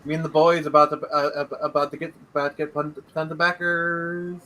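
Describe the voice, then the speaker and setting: A man's voice: on the high side, level tone, a little fast, bright, forceful tone, poor audio. A young man talking casually as a guest on a livestream, rambling with many fillers. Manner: rambling, hesitant, lots of fillers. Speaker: guest comic creator.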